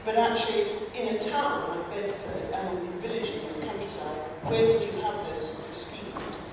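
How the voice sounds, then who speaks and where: A woman's voice: medium pitch, normal speed. A woman from the audience asking a speaker a question, hesitant, with many fillers and restarts. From England. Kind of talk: question from the floor. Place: large indoor hall. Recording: echoey hall from far off, hiss.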